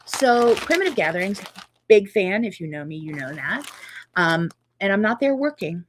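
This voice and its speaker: A middle-aged woman hosting a casual live chat, reading viewer comments and reacting warmly and chattily. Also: mid-range voice, very animated, moderate pace, noisy background. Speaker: quilting channel host.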